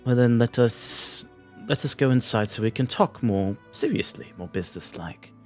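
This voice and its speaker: A man voicing a poised noblewoman with an English accent, polite and smoothly hospitable. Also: mid-range voice, lively intonation, moderate pace, a little mellow, soft background music, close to an everyday voice. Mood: businesslike. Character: poised noblewoman, gracious but guarded.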